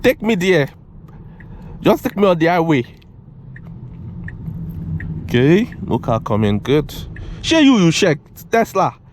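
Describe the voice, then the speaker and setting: A young man giving casual, excitable driving commentary from inside a moving car, repeating himself and calling out "bro", recorded on a GoPro camera. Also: a little high, takes it slowly, pauses often. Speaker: car reviewer. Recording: road and engine noise in car.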